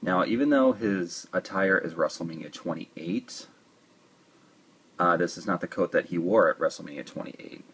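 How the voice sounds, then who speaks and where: A man's voice: deep voice, moderate pace, a bit bright, husky. A man casually reviewing a toy, chatty and rambling, with joking asides.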